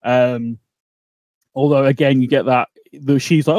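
A man co-hosting a podcast, chatting casually and excitably, swearing and laughing as he goes. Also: mid-range voice, normal speed, dry recording. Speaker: podcast co-host. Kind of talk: casual recap chat.

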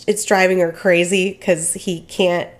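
A woman co-hosting a podcast, talking in a lively, animated way about a TV episode and reading from her notes. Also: fairly low pitch, a little slow. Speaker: podcast co-host. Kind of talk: casual chat recapping a TV episode.

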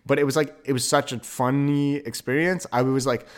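A young man hosting a podcast, telling a rambling story with quick self-corrections and an upbeat, animated manner. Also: mid-range voice, smooth. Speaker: podcast host. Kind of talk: casual monologue.

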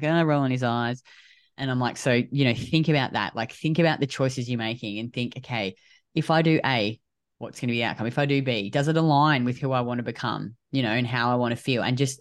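A woman's voice: extremely low pitch, no echo, studio quality. Blunt, swearing woman podcast host. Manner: blunt and swears freely, acts out quoted dialogue. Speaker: podcast co-host and health coach. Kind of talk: casual podcast chat.

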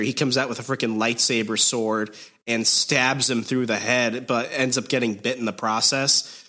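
A man hosting a podcast, giving a rambling, animated, casual recap of a comic. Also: medium pitch. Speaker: podcast host.

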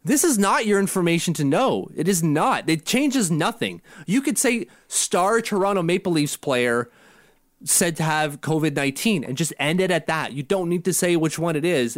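Animated young man ranting about sports. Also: a little high, dry recording, studio quality. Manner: animated, ranting, mocking quotes. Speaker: podcast co-host. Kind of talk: casual sports chat.

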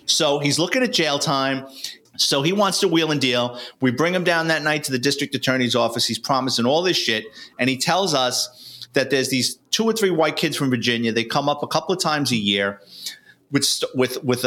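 A mid-range, pushed and bright voice at a moderate pace belongs to an older man from New York City, a retired police detective and author on as a guest. His casual storytelling is blunt and street-wise, peppered with colorful swearing.

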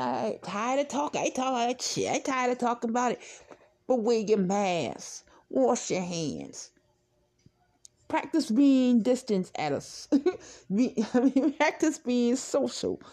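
Very animated yet slow-paced, this woman has a fairly high voice with a darkish tone. As a podcast host giving a casual monologue, she talks directly to her listeners, rambling bluntly and outspokenly while swearing freely.

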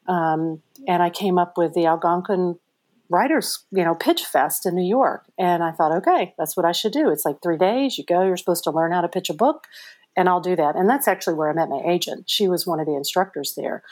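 A middle-aged woman, an author being interviewed, telling her story in a chatty, animated way with many fillers. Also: on the low side. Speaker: author guest. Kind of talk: conversational interview answers.

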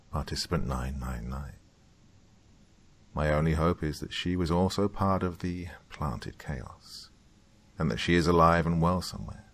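Deep-voiced man narrating a dark tale. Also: slightly rough. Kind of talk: scripted horror story narration.

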